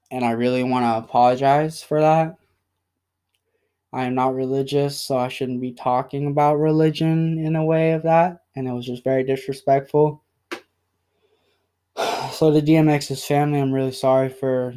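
A young podcast host delivers a solo apology full of pauses and ums. He sounds emotional, yet his smooth, clear, darkish voice holds a steady, level pitch.

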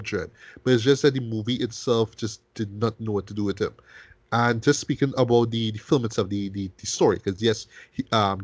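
A man hosting a casual film review podcast, talking in an animated way and cursing freely. He keeps checking in with "right?" and stumbles over repeated words as he thinks. His voice sits in a middle range and sounds dry and close, with no room echo. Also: medium pitch.

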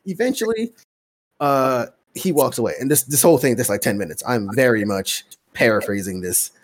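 A podcast host with a mid-range voice, talking at normal speed, tells a long story in casual chat. He swears freely and animatedly acts out both sides of each exchange.

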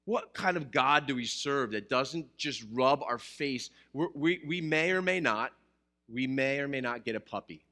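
A man's voice: mid-range voice, animated, measured pace, bright, forceful tone. A man preaching a sermon to a live congregation in a church, mixing scripture with jokes and questions to the listeners. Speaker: pastor.

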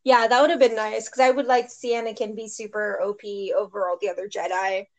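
An American woman co-hosting a podcast in casual chat, chatty with quick asides and frequent laughter. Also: mid-range voice, level tone, darkish tone. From United States. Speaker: podcast co-host.

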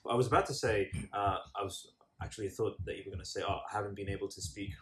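A man hosting a podcast in casual conversation, speaking haltingly and trailing off quietly. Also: fairly low pitch, steady tone. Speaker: podcast host. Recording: echoey room.

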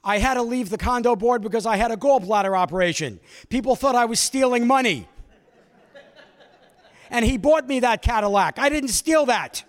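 A man doing a yelling, aggrieved old man. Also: very high-pitched, animated, big-room sound, voice pushed up. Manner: yelling, rapid complaints. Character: indignant elderly man, loud and aggrieved.

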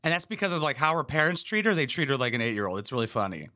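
A man's voice: medium pitch, big pitch swings, very fast, sharp tone. A man doing crude, sarcastic reaction commentary as a comedy channel host, swearing and mocking freely. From United States. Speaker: commentary YouTuber.

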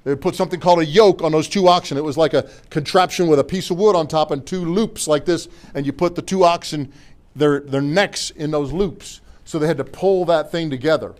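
A middle-aged man preaching a sermon as pastor in a church, animated and joking with the congregation between scripture readings. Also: a little high, fairly quick. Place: church sanctuary.

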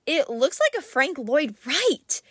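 A woman's voice: high-pitched, very animated, slow pace, a bit bright, dry recording, studio quality, voice pushed up, exaggerated voice. A woman voicing a confident, clever teenage girl in an audiobook, speaking firmly. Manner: firm, insistent.

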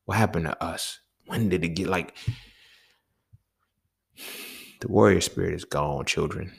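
Very low and gravelly with plenty of vocal fry, this young adult man talks at a measured pace, off the cuff. In his casual solo podcast monologue he rants heatedly, swearing and sounding exasperated.

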